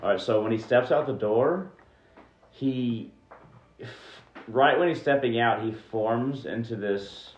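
A man's voice: mid-range voice, slow. A man narrating as game master in a casual, laid-back way. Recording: roomy, dull sound with faint music.

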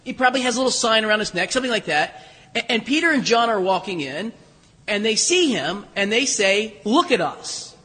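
A man's voice: high voice, animated, a little fast, pushed and bright, husky, long reverb tail. A man preaching a sermon as pastor in a church, telling the story conversationally with humor and plenty of restarts. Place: church sanctuary.

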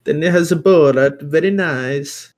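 Brief: young podcast co-host, an eager talker who swears a lot. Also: male voice, on the high side, unhurried, a little mellow. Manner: enthusiastic, swears freely. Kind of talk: casual chat.

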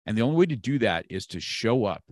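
A man's voice: lowish voice, very animated, fast talker, a little mellow, no room sound. A man around sixty from California, a martial arts instructor talking as a guest, emphatic and repeating key phrases to motivate. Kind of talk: motivational conversation.

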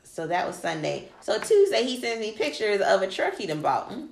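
A woman co-hosting a podcast, telling a long story in casual chat, animated and swearing freely as she quotes people. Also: medium pitch, normal speed, vocal fry. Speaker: podcast co-host. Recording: echoey room with faint noise.

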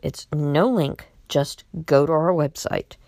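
A woman's voice: low voice, takes it slowly, darkish tone, dry recording, studio quality. A woman talking casually to her viewers with a blunt, exasperated and outspoken manner. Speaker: vlogger warning about scams. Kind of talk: casual monologue to camera.

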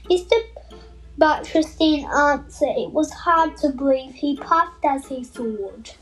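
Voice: high voice, takes it slowly, a bit bright, rough recording. A child reading a storybook aloud carefully, with small slips and self-corrections. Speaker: reader.

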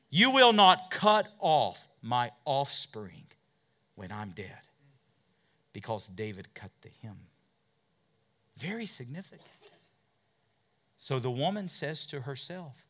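A man preaching a sermon in a lively voice that climbs high and drops low again. He moves from loud, urgent passages to hushed asides and keeps putting questions to his listeners. His voice sits a little higher than most men's. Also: takes it slowly, pauses often. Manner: dramatic, swings from loud to hushed; asks the listeners many questions.

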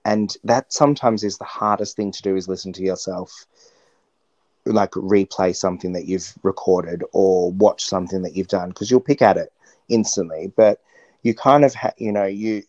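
Earnest low-voiced man, muffled dry audio. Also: fairly even intonation, normal speed, a little mellow, no room sound. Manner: earnest, searching, many restarts. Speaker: interview guest, stage performer. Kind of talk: reflective conversational interview.

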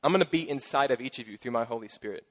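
Racing through his sermon, a middle-aged pastor uses a mid-range voice. He sounds casual and playful, dropping in joking asides and lively emphasis.

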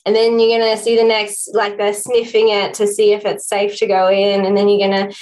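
A woman's voice: mid-range voice, completely flat delivery, a little fast, a little mellow, rough recording. A woman hosting a podcast, talking casually about horse training and often filling her speech with "like". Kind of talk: conversational podcast chat.

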